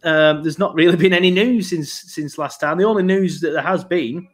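A man's voice: on the high side, normal speed. A young man hosting a casual football podcast, rambling with frequent ums. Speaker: podcast host.

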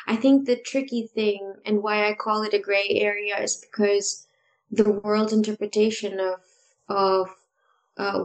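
A woman co-host speaking in a reflective, conversational way, weighing her words and often pausing on an "um." Her voice has a gravelly, creaky edge while her pitch sits in an ordinary middle range. The delivery is careful and considered. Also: poor audio. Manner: thoughtful, hesitant with frequent ums.

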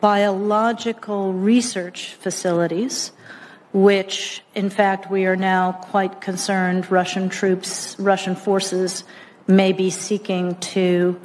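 A woman official answering a senator's questions in a hearing, speaking in a measured, careful way. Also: medium pitch, level tone, a little mellow. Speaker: government official testifying. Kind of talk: hearing testimony. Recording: archive hearing audio in a reverberant room.

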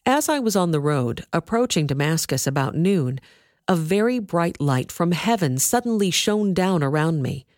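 Woman, scripture reading, lowish voice, dry close sound. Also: lively intonation, darkish tone, dry recording. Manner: measured, lifts pitch for quoted speech. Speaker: scripture reader. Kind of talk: scripted narration.

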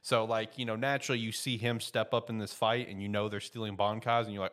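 A man with a very low voice talks casually through an anime episode. He rambles with plenty of fillers and gets animated as he retells the big scenes. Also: fast. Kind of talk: casual anime recap chat.

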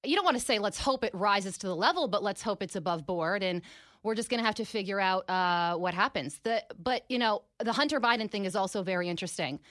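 A woman's voice: medium pitch, expressive, a bit bright, dry recording, studio quality. A woman guest on a radio talk show, out of breath after running in, talking casually and laughing easily. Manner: breathless, apologetic, quick to laugh. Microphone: studio microphone.

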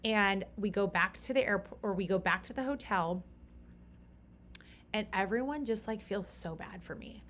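A woman in her thirties hosting a podcast, telling a story in a lively, exasperated way and acting out the people she talked to. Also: mid-range voice, normal speed, slight background noise. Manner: animated, reenacts conversations with rising exasperation. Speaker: podcast host.

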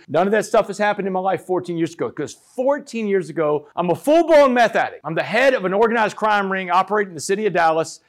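A man in his forties with a drawl, telling a personal story as a motivational speaker, swinging from shouts to hushed asides. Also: on the high side. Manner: dramatic storyteller, shouts and drops to near whisper. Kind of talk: storytelling keynote speech. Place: stage before a live audience.

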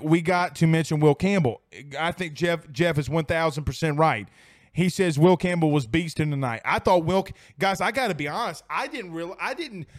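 A man's voice: fairly high pitch, no echo, clean studio sound. A tipsy young man hosting a sports livestream, reading viewer comments in a rowdy, profane, laughing way. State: tipsy from whiskey. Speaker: sports show host.

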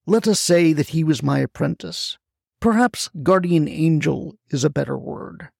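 A desperate older man, put on by a gravelly narrator, pitched up and drawn out, agitated and profane. His talk lands in a dry, close space with a rough fry underneath. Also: measured pace, a little mellow, no room sound, heavily acted. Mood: grim, weary.

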